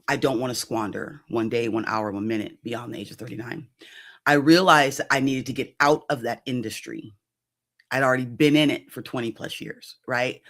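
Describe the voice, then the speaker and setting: A woman in her fifties, a coach, telling her own story in an interview in a lively, conversational way and often checking in with "right?". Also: extremely low pitch. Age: 50s. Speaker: executive coach guest.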